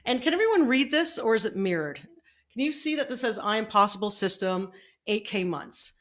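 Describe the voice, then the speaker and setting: On a laid-back Facebook Live, a middle-aged online-business coach talks with an animated, brisk, fairly bright voice pitched on the high side. She stays upbeat and chatty while fussing with her home setup, repositioning her desk mic as she goes.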